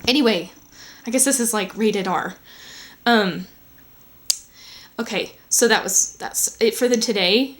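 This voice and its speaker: A woman's voice: a little high, unhurried, pauses often, fairly bright tone. A woman rambles chattily to the camera in a home vlog. She drifts between thoughts and peppers her speech with fillers and asides. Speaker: vlogger.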